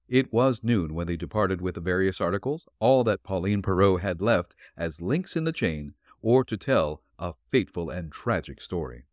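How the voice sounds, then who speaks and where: A man narrating a detective story in a low voice that moves expressively up and down. His delivery is steady and measured. The sound is dry and close to the mic. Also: no room sound. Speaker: audiobook narrator.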